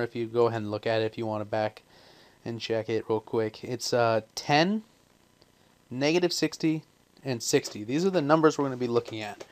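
A man's voice: medium pitch, clean tone. Man, middelhoge stem, glad en helder; losse, rommelige tutorialuitleg met zelfcorrecties, heeft de hik. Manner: rambling, self-correcting, offhand. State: hiccups. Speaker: tutorial maker. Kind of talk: casual screen-recorded coding tutorial.

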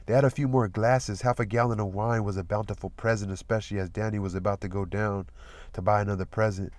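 A man reading a novel aloud as narrator, in a steady, measured storytelling manner. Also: lowish voice, dry recording. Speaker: audiobook reader.

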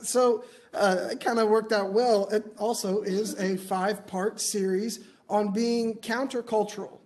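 A man's voice: sits high, darkish tone. A man preaching in church, telling personal stories with light humor in a conversational way. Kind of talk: sermon. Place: church auditorium.

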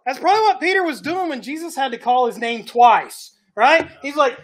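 Chatty high-voiced woman preacher. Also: lively intonation, moderate pace. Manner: chatty, keeps asking "right?", acts out scenes. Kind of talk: conversational sermon.

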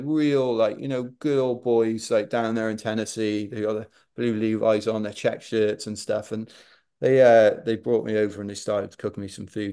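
A Welsh man speaks in a low, relaxed register. He tells his story with chatty, animated energy as a guest in a casual interview. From Wales. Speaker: podcast guest, ultrarunner.

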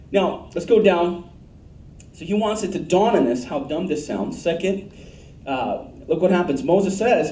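Pastor, male, high-voiced, mellow tone, blunt emphatic sermon delivery, roomy church sound from off-mic. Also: distant mic, a little hiss or hum. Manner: blunt, emphatic preaching with asked-for audience answers.

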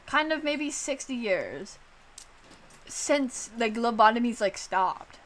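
A woman streamer chatting casually, animated and swearing, filling her talk with "like.". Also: on the high side, slow. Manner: animated, swearing, heavy use of "like".

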